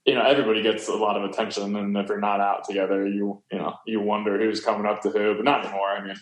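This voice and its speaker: Low-voiced guy on a zoom call, laid back, trips over his words a bit, echoey room. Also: flat delivery, very fast. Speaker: podcast guest. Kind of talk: casual chat on a video call. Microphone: video call.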